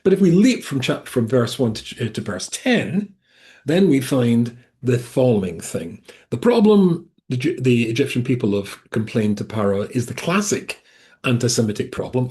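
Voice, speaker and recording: A man's voice: medium pitch, sing-song, normal speed, warm tone. A male rabbi teaching a Torah class over a video call, talking in a digressive way with frequent restarts and asides.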